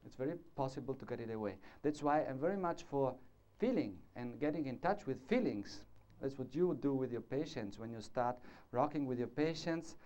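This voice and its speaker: Captured on a muffled, low-fidelity 1990s conference recording, this orthodontics lecturer speaks in a warm, medium-pitched, animated voice, fairly quick and almost without pauses. Before a live audience he rambles through his points, demonstrating with gestures and checking that people are following.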